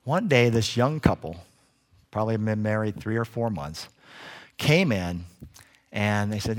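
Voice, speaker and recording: A man preaching a sermon, telling a story in an animated way. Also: on the low side, a little slow, long pauses. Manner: animated storyteller doing voices.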